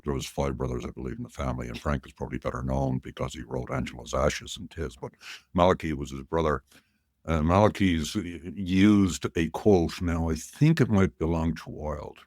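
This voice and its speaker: A man hosting a podcast interview, speaking in a measured, reflective way. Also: rumbling low, a little mellow, no room sound, studio quality. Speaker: podcast host.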